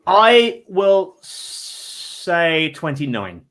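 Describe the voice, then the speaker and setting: A man's voice: on the high side, big pitch swings, very slow, fairly bright tone. Rambling self-deprecating male host. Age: 30s. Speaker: comedy panel show host. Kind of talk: casual comedic hosting.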